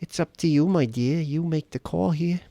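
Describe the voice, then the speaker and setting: A man's voice: on the high side, moderate pace, gravelly, mellow, no room sound, pitched above the performer's own voice. A man voicing a doting, fussy old grandmother who coddles and frets over whether someone has eaten, during a live game stream. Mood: teasing.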